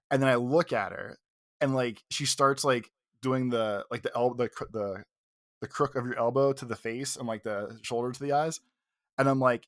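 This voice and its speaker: Male podcast co-host, mid-pitched, casual and animated, swears a lot, dry close mic. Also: normal speed, no room sound. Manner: animated, profane retelling with quoted outbursts. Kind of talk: casual storytelling chat.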